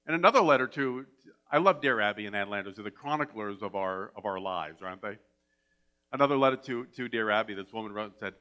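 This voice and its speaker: A man's voice: fairly low pitch, fast talker, sharp tone. A man giving a folksy storytelling sermon as minister, with a dry sense of humour. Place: church sanctuary.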